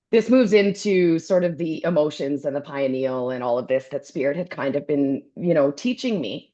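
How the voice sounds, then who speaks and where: A woman co-hosting a podcast, telling a story with energy and acting out the other people's voices, with some throat-clearing. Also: deep voice, brisk, few pauses, mellow, highs cut off. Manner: acts out voices in her anecdotes, keeps clearing her throat. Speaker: podcast co-host. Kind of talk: animated storytelling chat.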